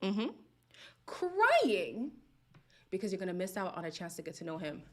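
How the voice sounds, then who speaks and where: A woman's voice: on the low side, steady tone, racing, darkish tone. A woman casually chatting about a reality show, sassy and direct, talking straight to her viewers. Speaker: reality TV commentator. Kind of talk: casual chat.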